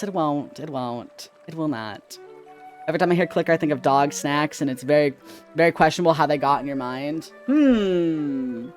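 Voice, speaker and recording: Animated male streamer chatting with viewers. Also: on the high side. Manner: animated, swings between loud and quiet; casual, swears often. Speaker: live streamer. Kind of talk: casual live-stream chat with viewers.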